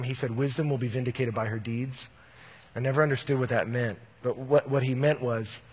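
A man's voice: medium pitch, husky, big-room sound. A man who works as a youth minister, answering an audience question in a candid, storytelling way and often quoting scripture. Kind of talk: conversational Q&A answer.

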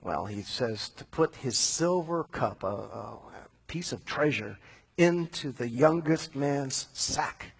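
A man preaching a sermon, retelling a Bible story in a casual, animated way with slangy asides. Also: medium pitch, slow pace, gravelly, slightly rough, low-quality recording.

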